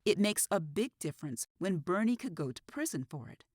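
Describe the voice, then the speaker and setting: A woman voicing a frightened young female teacher who speaks quietly and huskily in a storybook reading. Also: on the low side, big pitch swings, fairly quick, husky, no echo, clean studio sound, full character voice. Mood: scared. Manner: quiet, barely above a whisper. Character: scared young woman teacher under threat.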